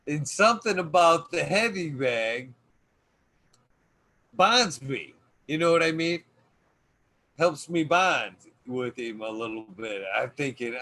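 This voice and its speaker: A man's voice: a little high, lively intonation, a little slow, long pauses, bright, forceful tone. A man hosting a podcast, telling a story in a rambling, profane way with plenty of fillers. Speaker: podcast host. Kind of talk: casual storytelling.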